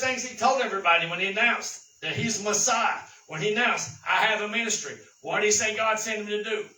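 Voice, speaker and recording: A man preaching a sermon, telling folksy stories and building to shouted exhortation. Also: high-pitched, quick pace, hardly any pauses, roomy sound, far from the mic, low-quality recording. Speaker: pastor.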